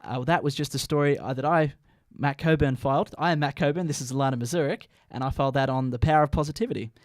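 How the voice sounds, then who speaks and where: A man hosts a radio show, pausing with uhs as he talks. His voice is mid-pitched and sounds dry and close. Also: no echo. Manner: hesitant, with uhs. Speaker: radio presenter. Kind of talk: radio links.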